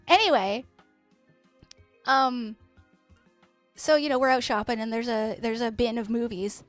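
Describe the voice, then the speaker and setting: A woman's voice: on the high side, unhurried, pauses often, dry recording, soft background music. A woman from Canada, telling rambling stories with plenty of swearing while she streams a game. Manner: chatty, rambling, swears freely. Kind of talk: casual storytelling while playing a game.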